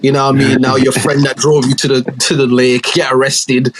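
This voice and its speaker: A young man co-hosting a podcast, chatting casually in animated, slang-heavy banter full of swearing. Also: mid-range voice, a little fast, over a noisy crowd. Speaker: podcast co-host. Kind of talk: casual chat.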